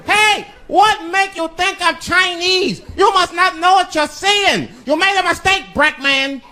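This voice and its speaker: A man's voice: very high voice, measured pace, pushed and bright, pitched above the performer's own voice, heavily acted. A comedian voicing a scowling, impatient male store owner who barks short commands at a customer. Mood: irritated. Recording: live stage with crowd noise.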